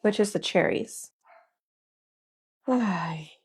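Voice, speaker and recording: A woman's voice: on the low side, extremely slow, husky. A woman in her thirties chatting casually to her livestream viewers while she crafts in a small room at home, calling them y'all. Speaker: crafter and live seller.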